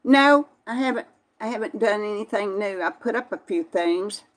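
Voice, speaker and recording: A woman's voice: mid-range voice, animated, normal speed. An older woman, chatting casually on a live stream and answering viewers by name in a folksy way. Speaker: vlog host reading live chat.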